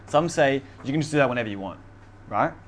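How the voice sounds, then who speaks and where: A man's voice: mid-range voice, animated, fast talker, slight background noise. Man preaching in a casual, laughing way. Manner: laughs often, reads scripture aloud emphatically. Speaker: pastor. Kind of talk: casual sermon.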